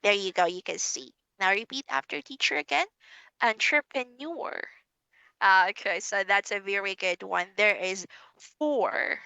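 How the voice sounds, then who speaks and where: A young woman with a Filipino English accent teaching an online English lesson to a child, slow and encouraging, calling herself teacher. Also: mid-range voice, gravelly, sharp tone, smooth, no room sound, lo-fi sound.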